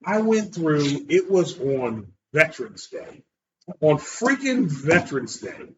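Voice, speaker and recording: A man's voice: on the high side, takes it slowly. A man telling a bar story casually, acting out voices and swearing freely. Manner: animated, acts out voices in quotes, swears freely. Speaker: podcast co-host telling a story. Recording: dull lo-fi sound with clear background noise.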